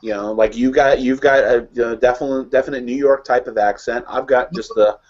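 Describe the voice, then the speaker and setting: A man's voice: medium pitch, steady tone, fairly quick, lo-fi sound, background noise. A man with a Midwestern accent, co-hosting a casual chat in a rambling, easygoing way. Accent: American Midwest. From American Midwest. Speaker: co-host.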